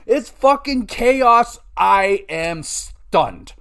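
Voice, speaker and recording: A man hosting a podcast in casual chat, telling an excitable, profane story in an animated way. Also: very high-pitched, slow, few pauses. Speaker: podcast host.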